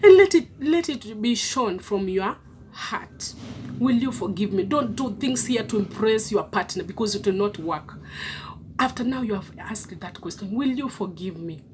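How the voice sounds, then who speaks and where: A woman's voice: mid-range voice, slight background noise. A woman giving earnest relationship advice to viewers, coaxing them along and often checking in with a questioning "hmm?".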